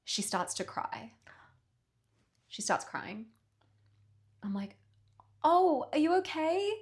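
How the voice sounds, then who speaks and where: A woman's voice: high voice, slow pace. A young woman co-hosting a podcast, telling a story in casual chat, acting out the voices of the people in it. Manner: animated, acts out quoted voices, swears casually. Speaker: podcast co-host.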